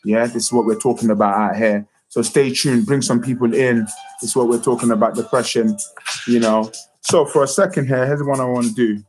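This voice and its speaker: A man's voice: mid-range voice, steady tone, fairly quick, a little mellow, faint music behind, rough recording. A man, a motivational speaker and youth coach, hosting a live stream talk, upbeat and repeating phrases as he addresses viewers directly. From United Kingdom.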